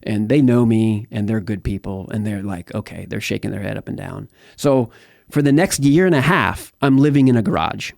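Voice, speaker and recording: A man's voice: lowish voice, moderate pace, gravelly, a little mellow, no echo, clean studio sound. A middle-aged man from the United States telling his life story as an interview guest, candid and rambling, with many fillers and restarts. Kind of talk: personal testimony in conversation.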